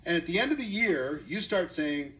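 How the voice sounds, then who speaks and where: High-voiced man giving a motivational talk. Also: very animated, normal speed, sharp tone, poor audio. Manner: storytelling, acting out quoted voices, rhetorical questions to the audience. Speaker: network marketing speaker.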